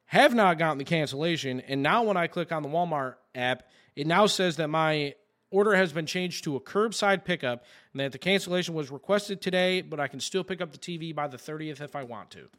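A man's voice: on the high side, fairly quick, fairly bright tone. A man, a podcast co-host telling a story in casual chat, with a profane, exasperated delivery.

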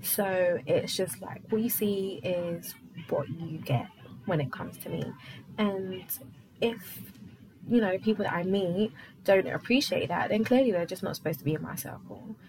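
A young adult woman from London, hosting her own podcast in a rambling, casual solo chat full of fillers and quick laughs. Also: on the low side, background noise. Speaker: podcast host.

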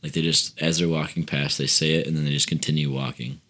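Young guy with a really low voice, rambly casual chat, lots of likes and laughing. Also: little pitch movement, fast, fairly bright tone. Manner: rambling, filler-heavy, laughs a lot. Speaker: podcast host asking questions.

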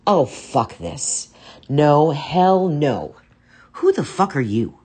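A woman voicing a grieving, enraged man who speaks grimly and yells in anguish, in a spoken story. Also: low-pitched, slow, husky, exaggerated voice. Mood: hostile. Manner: steady and grim, then yelling. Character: grieving, enraged middle-aged man with a knife.

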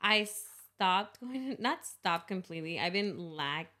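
A woman's voice: on the low side, animated, unhurried, pushed and bright. A young woman co-hosting a podcast in casual chat, talking in a rambling way with restarts and laughs. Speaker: podcast co-host.

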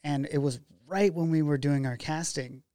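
Speaking at normal speed in a slightly high voice, a documentary filmmaker from Oregon chats casually as an interview guest. He's an animated storyteller who acts out quoted dialogue, and the recording is studio quality with no room sound.

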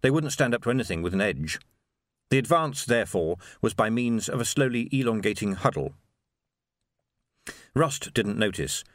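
An expressive male narrator reads the novel with animated, lively intonation. His voice sits at an ordinary pitch and sounds dry and close to the mic. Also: moderate pace, pauses often, no echo. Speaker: audiobook narrator. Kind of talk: scripted narration.

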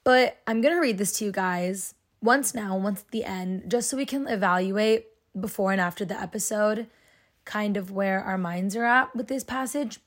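Young woman podcast host, mid-pitched, sincere and meandering, leaning on "like" as she talks things through. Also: normal speed. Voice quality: sensitive voice. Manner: earnest, rambling, heavy use of "like". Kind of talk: casual solo podcast talk.

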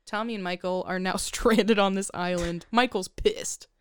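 A woman co-hosting a podcast rambles through a film's plot in a chatty recap, laughing often. Her mid-range voice is clean and steady, at a normal speed.

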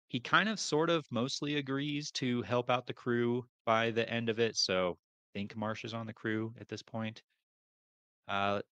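A man's voice: lowish voice, fairly bright tone, no echo. A man co-hosting a podcast, casually summarizing book chapters and hesitating over unfamiliar names. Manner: hesitant, restarts, unsure of names. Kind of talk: casual chat.

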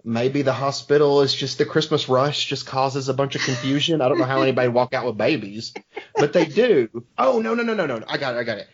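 Husky guy on a podcast making stuff up as he goes, kinda muffled lo-fi audio. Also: medium pitch, fairly even intonation, a little fast. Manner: improvises a made-up plot, rambling and hesitant. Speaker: podcast host. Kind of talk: casual podcast banter.

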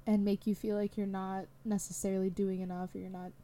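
Mellow-voiced young woman rambling candidly. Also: medium pitch, little pitch movement, fairly quick. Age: young adult. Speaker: podcast host. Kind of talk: solo podcast monologue.

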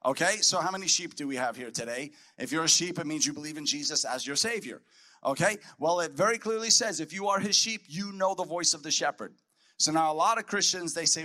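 A man's voice: a little high, brisk, pushed and bright. A man preaching a conference sermon, emphatic and repeating his key phrases for the crowd. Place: conference hall.

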